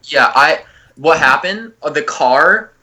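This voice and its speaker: A man's voice: a little high, expressive, slow pace, pushed and bright. A young man, a podcast co-host, telling stories in a loose, swearing chat between laughs. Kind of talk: casual chat.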